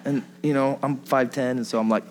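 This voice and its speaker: A man's voice: mid-range voice, fairly even intonation, fairly quick, a little mellow. A man preaching a sermon in a casual storytelling way, chuckling through anecdotes and posing rhetorical questions. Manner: chatty, laughs while telling stories, rhetorical questions.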